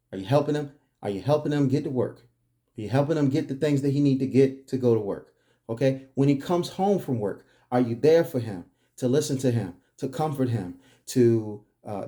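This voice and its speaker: A man's voice: medium pitch, warm tone. A man delivering a preachy monologue, firing off emphatic, repetitive rhetorical questions. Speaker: commentary host.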